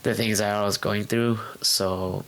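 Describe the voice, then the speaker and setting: A young man with a fairly low voice tells his personal story in a relaxed interview at home. He speaks candidly and haltingly, with frequent fillers and restarts, and slips into quoting his past self. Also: low-quality recording. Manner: acts out his past self in quoted outbursts. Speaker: guest. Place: home room.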